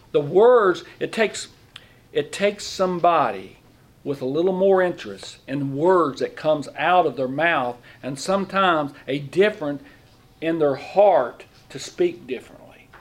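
Folksy, higher-voiced man preaching. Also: measured pace. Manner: folksy, asks the room questions; speaks in plain, informal grammar. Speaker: lay preacher. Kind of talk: conversational sermon.

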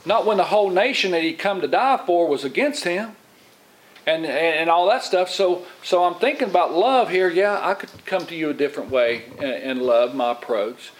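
A man's voice: a little high, expressive, moderate pace, low-quality recording. A middle-aged man giving an informal Bible teaching in a rambling way, with restarts and repeated words, often acting out what other people say. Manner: rambling, repeats and restarts, acts out quoted voices. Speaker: lay preacher, Bible teacher. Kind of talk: informal sermon.

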